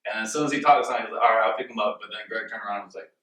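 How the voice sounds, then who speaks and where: A man's voice: lowish voice, sharp tone. A young man telling a rambling story in a casual group discussion, filling his talk with "like". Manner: fast, rambling storytelling with many "like"s. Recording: echoey room, mic at a distance.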